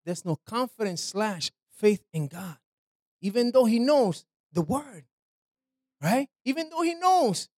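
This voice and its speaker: A man's voice: high voice, expressive, unhurried, darkish tone, dry recording. A man preaching an informal sermon in a loose, conversational way, often asking his listeners "right?" and dropping "man" into his talk. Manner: slangy, repeats "man" and "right".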